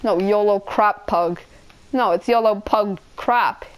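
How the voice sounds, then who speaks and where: A woman's voice: mid-range voice, takes it slowly, clean tone. A woman giving casual gaming commentary, trading childish insults and mock-angry rants at other players. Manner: childish trash talk and insults; playful, mock-angry ranting. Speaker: gameplay video maker.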